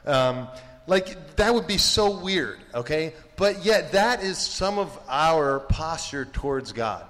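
A man's voice: on the high side, expressive, slow pace, a bit bright. Rambling man in a reverberant hall. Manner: rambling and jokey, heavy with 'like' and 'you know'. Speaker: campus ministry speaker. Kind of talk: casual faith talk to students.

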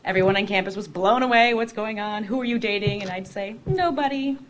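A woman telling her personal faith story in an expressive, conversational way, often dropping to a hushed voice. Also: medium pitch, fast talker, a little hiss or hum. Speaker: guest sharing her testimony.

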